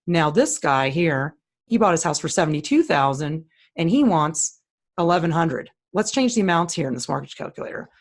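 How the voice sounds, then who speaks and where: In a casual screen-share conversation, this co-host walks through on-screen listings and says exactly what she thinks, bluntly and plainly. She speaks at a moderate pace in a low-pitched, animated voice.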